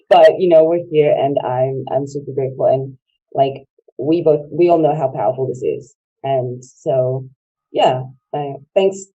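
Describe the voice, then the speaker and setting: A woman's voice: a bass voice, unhurried, mellow, breathy edge, dull audio. A woman co-hosting a casual online chat show, chatty and laughing often. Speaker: co-host.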